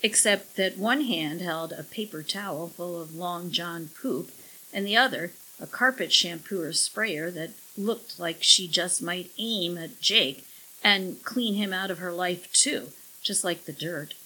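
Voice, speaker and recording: A woman reads a story aloud at an unhurried pace, with a wry, measured delivery. Her voice sits a little low but sounds bright, with a breathy edge. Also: rough recording. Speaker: narrator. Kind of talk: audiobook narration.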